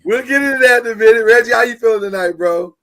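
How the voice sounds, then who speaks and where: A man hosting a live sports talk show online, energetic and joking, loose with fillers. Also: very high-pitched, fast talker. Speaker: host.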